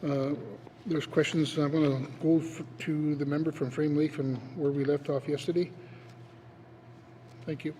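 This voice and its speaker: A man chairs a committee session with a fairly high but very flat, mellow voice. He moves the meeting along in plain procedural phrases. A faint hiss runs under his speech. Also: measured pace, low-quality recording. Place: legislative chamber.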